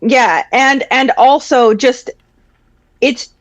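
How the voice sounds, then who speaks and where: A woman's voice: sits high, steady tone, extremely slow, dry recording, dull audio. A woman on a podcast, talking casually in a hesitant, earnest way. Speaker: podcast co-host. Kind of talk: casual chat.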